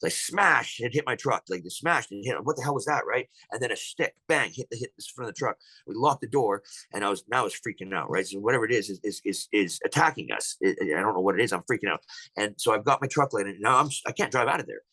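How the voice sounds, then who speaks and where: A man's voice: on the low side, animated, fast talker, pushed and bright, husky, no echo, rough recording. A man on a podcast telling a personal encounter story at length, rambling with many restarts. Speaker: podcast guest.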